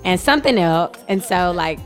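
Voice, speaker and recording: A young woman co-hosting a podcast, telling a story in a chatty, animated way with lots of "like" fillers. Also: lowish voice, normal speed, faint music behind. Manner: chatty, heavy use of "like" fillers; animated, emotional retelling. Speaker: podcast co-host. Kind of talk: casual chat, storytelling.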